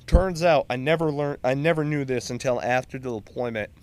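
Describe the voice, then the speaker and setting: A man's voice: medium pitch, a little fast, few pauses, clear, resonant tone. A man, a Marine veteran, telling war-time stories in casual, profane chat. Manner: profane, animated storyteller. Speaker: Marine veteran podcast co-host.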